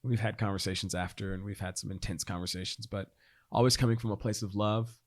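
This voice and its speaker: A man in his thirties, a podcast guest, telling a personal story in a casual, animated way, acting out quoted voices and laughing often. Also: fast. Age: 30s. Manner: animated, acts out quoted voices with big pitch jumps; laughs often, frequent fillers like "like".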